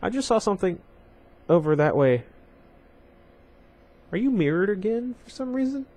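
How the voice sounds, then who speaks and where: A man's voice: high voice, big pitch swings, moderate pace, darkish tone. Man reading a novel aloud, with chatty asides. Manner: reads the story plainly, breaking off for chatty asides to viewers. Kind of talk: casual story read-aloud with asides.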